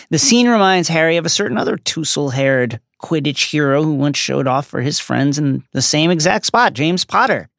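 Wry man narrating a measured recap. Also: medium pitch, a bit bright, no echo, clean studio sound. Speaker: podcast co-host. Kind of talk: scripted recap with commentary.

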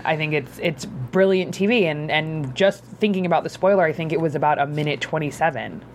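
A woman's voice: deep voice, brisk, slight background noise. A woman in a casual chat, thoughtful and hesitant, often repeating her words.

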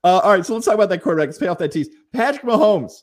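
A man's voice: high voice, very animated, racing. A man co-hosting a sports podcast, talking casually and acting out people in his stories.

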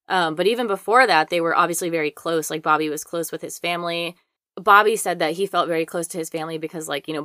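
A woman's voice: fairly low pitch, bright, forceful tone, dry recording, studio quality. A young woman co-hosting a podcast, casually retelling a true-crime story with lots of "like" and swearing. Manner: chatty, heavy use of "like" and swearing. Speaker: podcast co-host.

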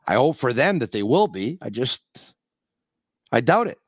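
Man, call-in sports host, lively up-and-down delivery, dry studio sound. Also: mid-range voice, normal speed, breathy edge, no room sound. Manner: animated, switches between English and French, rants playfully. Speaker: radio podcast host. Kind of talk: live call-in sports talk.

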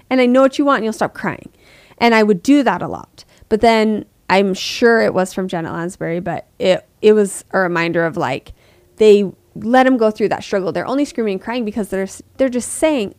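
A woman's voice: mid-range voice, fairly quick, darkish tone, no echo. A woman in her thirties co-hosting a parenting podcast, chatting casually and acting out quoted voices. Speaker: podcast co-host.

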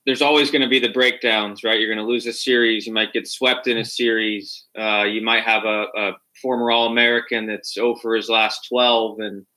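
Brief: male podcast host, low-ish pitch, bright tense tone, measured delivery. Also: level tone, low-quality recording. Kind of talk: casual interview talk.

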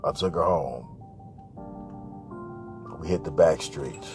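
A man's voice: a bass voice, takes it slowly, a little mellow, faint music behind. A man hosting a podcast, telling a crude story in a boastful, profane way, repeating phrases and slipping into singsong. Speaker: podcast host.

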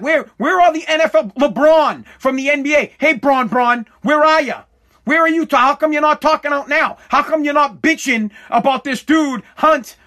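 A man with a high voice talks straight to his live chat. His tone is bright and sharp, and he rants fiercely, swears a lot and keeps repeating himself. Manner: fiery, profane, repetitive. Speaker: livestreamer. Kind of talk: heated ranting commentary to live chat.

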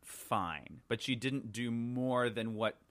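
Guy drag queen guest, chatty and campy, dishing opinions, normal pitch. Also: slow pace, fairly bright tone. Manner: chatty, dishes critiques with playful camp flair. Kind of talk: casual chat.

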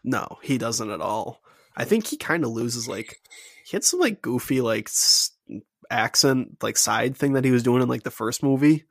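A man with a gravelly, fry-tinged voice at an ordinary pitch, talking through a movie review in loose, rambling bursts. He fills his sentences with "like" and gushes about what he loves. The sound is dry and close. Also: animated, moderate pace, fairly bright tone, no echo. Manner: rambling, enthusiastic, filler-heavy with laughs. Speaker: podcast co-host. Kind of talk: casual film review chat.

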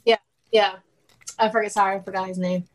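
A woman's voice: medium pitch, level tone, brisk, poor audio. A woman co-hosting a casual sports podcast, ranting heatedly about an award and laughing between points. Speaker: podcast co-host.

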